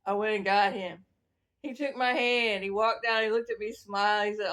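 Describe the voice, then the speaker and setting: A woman's voice: medium pitch, fairly even intonation, moderate pace, fairly bright tone. A woman giving a meandering religious testimony, preachy and chuckling between thoughts. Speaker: self-styled prophet.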